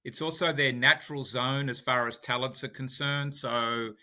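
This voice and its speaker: Australian man, interview guest, measured and explanatory, very bright sharp tone. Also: mid-range voice, fairly even intonation. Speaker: podcast guest, author. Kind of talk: interview answers.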